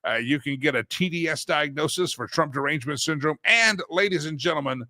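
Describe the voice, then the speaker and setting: A man's voice: fairly high pitch, a little fast, bright, forceful tone, no echo, clean studio sound. A male host giving a casual talk-show monologue, joking and laughing at his own gags, now and then chanting a recurring segment line in a sing-song.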